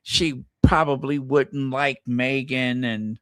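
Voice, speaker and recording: A man's voice: medium pitch, animated, takes it slowly, no room sound, clean studio sound. A man from the United States hosting his channel, giving sassy, mocking casual commentary. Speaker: channel host.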